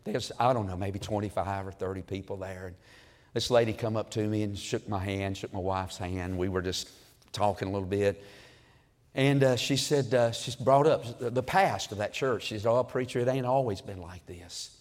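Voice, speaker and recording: A man's voice: lowish voice, steady tone, moderate pace. Folksy preacher man in reverberant church. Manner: folksy storytelling, surging to loud emphatic peaks. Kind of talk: sermon.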